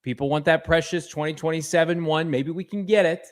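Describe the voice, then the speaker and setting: A man with a slightly higher voice hosts a casual sports podcast. He talks with energy, reading fan messages aloud and teasing his co-host. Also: fairly even intonation, fairly quick.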